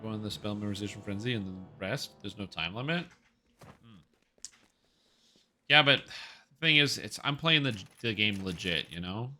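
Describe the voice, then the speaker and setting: A man's voice: fairly low pitch, lively intonation, moderate pace, long pauses, sharp tone, faint music behind. A man streaming a game, chatting casually and rambling through joking asides. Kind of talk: casual chat while playing.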